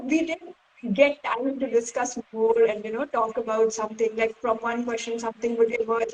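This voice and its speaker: A woman hosting a live-streamed phone interview, courteous and appreciative. Her voice sits a bit high for a woman. She strings her thoughts together with frequent filler words. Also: rough recording. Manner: polite, thankful, many "you know" fillers. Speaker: interview host. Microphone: phone on a live video stream.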